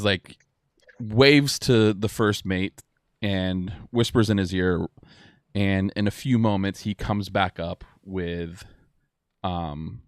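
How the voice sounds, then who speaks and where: A deep-voiced man running a tabletop game, talking loosely and casually with plenty of "um"s and restarts. The recording is dry and close, with no room sound. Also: clear, resonant tone, no room sound. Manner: halting, with many fillers and restarts. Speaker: game master.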